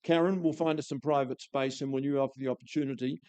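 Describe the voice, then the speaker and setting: A man's voice: medium pitch, fairly even intonation, fast talker, darkish tone, smooth, dry recording. A man with a New Zealand accent calling a live property auction, with a florid, enthusiastic sales patter.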